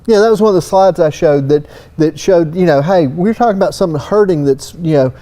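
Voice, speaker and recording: A man's voice: fairly high pitch, brisk, dark tone. A man with a Southern US accent talking on a technical panel in a folksy, rambling way full of "you know". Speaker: panel guest, surface-finishing expert. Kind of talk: casual technical panel talk. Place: trade expo stage.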